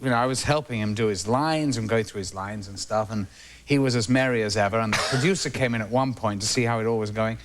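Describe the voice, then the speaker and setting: A man, a talk show guest telling lively anecdotes and trailing off between phrases. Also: on the low side, fast, background noise. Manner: animated, trails off, acts out the people he quotes. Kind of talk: anecdotal storytelling.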